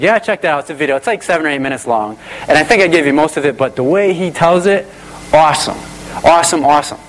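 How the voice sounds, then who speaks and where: A man's voice: fairly high pitch, a little hiss or hum, low-quality recording. A male pastor telling a story in a sermon, enthusiastic and conversational, repeating phrases.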